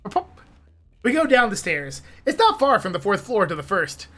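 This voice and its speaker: A woman's voice: mid-range voice, very animated, fairly quick, sharp tone. A woman streamer narrating a visual novel read-along with a giggly, playful, chatty manner.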